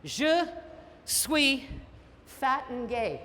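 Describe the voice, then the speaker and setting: A man's voice: high voice, measured pace, bright, forceful tone. A woman voicing a big, friendly Southern man proudly telling a story, in an earnest, homespun way. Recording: echoey hall with faint noise.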